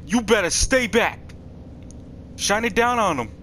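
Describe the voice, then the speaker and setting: Excitable young man swearing through a horror game. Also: high-pitched, a little slow, slight background noise. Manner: excitable, profane, yelps and shouts when startled; talks to the viewers. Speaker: gaming streamer. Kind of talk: let's play commentary.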